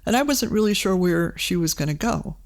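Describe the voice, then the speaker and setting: A middle-aged woman from Maine, a guest in an interview, telling personal stories in a casual, animated way with many fillers and restarts. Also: medium pitch, brisk. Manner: animated, frequent fillers and restarts, acts out quoted voices. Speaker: guest, advertising agency CEO and former state representative.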